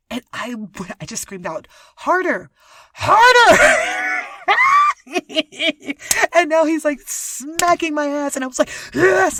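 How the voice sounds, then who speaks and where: Animated, laughing woman podcaster. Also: fairly low pitch, no echo, clean studio sound. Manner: animated and profane, laughs often, addresses listeners as y'all. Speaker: podcast host. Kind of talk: casual solo podcast chat.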